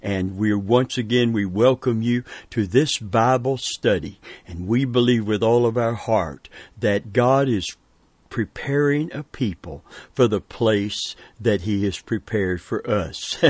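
A man's voice: lowish voice, slow, darkish tone, no room sound. A man hosting an online Bible study. He chuckles often and keeps saying "amen" and "praise God" as he teaches. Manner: chuckles often, leads with 'amen' and 'praise God'.

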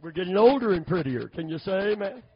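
A middle-aged man preaching a sermon, calling for amens and building to loud, fervent emphasis. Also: sits high, animated, fast talker, breathy edge. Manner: call-and-response, asking for amens. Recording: dull lo-fi sermon recording.

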